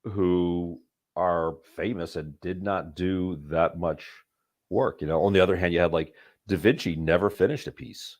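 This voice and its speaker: A man's voice: deep voice, moderate pace. A man who is sick, chatting casually and thoughtfully about art with digressions. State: sick, rough voice. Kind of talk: casual chat.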